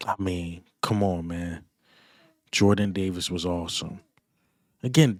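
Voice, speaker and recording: A man giving a casual, excited fan reaction rant, boastful and full of repeated punchlines and trash talk. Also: fairly low pitch, no echo, studio quality. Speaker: sports fan vlogger.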